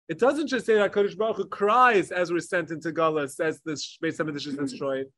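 A man teaching a Torah lecture with passion, mixing Hebrew learning terms into English and swinging between emphatic peaks and hushed asides. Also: a little high, normal speed, no echo, studio quality. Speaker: rabbi. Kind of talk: Torah lecture on the Tisha B'Av kinos.

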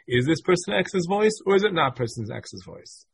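A man's voice: fairly high pitch, very animated, normal speed, gravelly, slight background noise. A man teaching a Talmud class, reading passages from the text, translating them and explaining step by step with many repeated phrases.

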